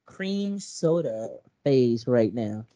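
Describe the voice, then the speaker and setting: A man's voice: mid-range voice, drawn-out words, no echo. A man co-hosting a podcast in casual chat, telling stories in a slangy, rambling way and laughing often. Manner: laughing, lively storyteller. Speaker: podcast co-host.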